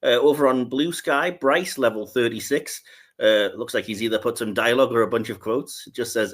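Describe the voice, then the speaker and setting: A man's voice: medium pitch, a little fast. Rambling male podcast host. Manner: rambling, many filler words and restarts. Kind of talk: casual podcast chat.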